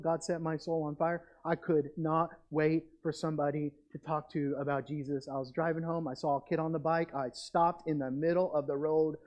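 A male youth pastor, preaching energetically and swinging between loud exclamations and quiet asides. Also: on the high side, lo-fi sound. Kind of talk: youth sermon with object lesson.

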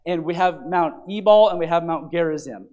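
High-voiced man preaching a lively sermon. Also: brisk. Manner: animated preaching with frequent restarts, rising to loud emphasis. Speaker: pastor.

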